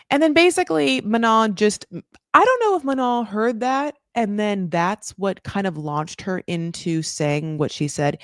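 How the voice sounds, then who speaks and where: A woman's voice: mid-range voice, sing-song, unhurried, no echo, clean studio sound. A woman hosting a show, chatting casually and giving strong opinions, with many "like" fillers. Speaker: podcast host recapping a reality show. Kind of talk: casual chat.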